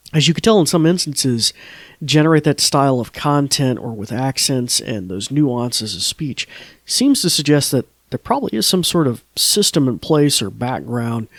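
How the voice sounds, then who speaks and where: A man's voice: medium pitch, no room sound, studio quality. A man hosting a tech podcast, talking in a loose, casual way with restarts. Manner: loose, restarting, chuckling commentary. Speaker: podcast host.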